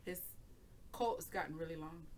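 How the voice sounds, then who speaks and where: A woman's voice: low voice, normal speed, darkish tone, slight background noise. A woman hosting her channel, telling a rambling personal story in casual chat, laughing often and cursing freely. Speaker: tarot reading channel host.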